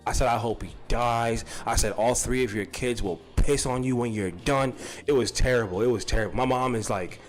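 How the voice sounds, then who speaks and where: Brief: young New man, profane and animated, spinning a casual story over faint music. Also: medium pitch, moderate pace. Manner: profane, animated, rambling with restarts. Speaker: streamer telling a personal story.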